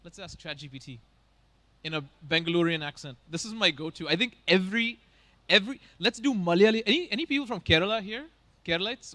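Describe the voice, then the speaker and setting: Man, conference host, high voice, teasing banter. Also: animated, quick pace, sharp tone. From Bangalore, India. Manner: joking, teasing the audience. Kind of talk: casual stage banter. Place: conference stage.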